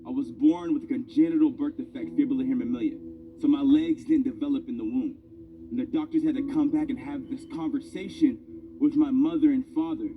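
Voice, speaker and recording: A man's voice: mid-range voice, brisk, far from the mic, narrow, tinny audio, background noise. A man in his thirties giving a motivational speech, telling a personal story with emphatic, building delivery. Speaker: motivational speaker. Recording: speech over loud background music.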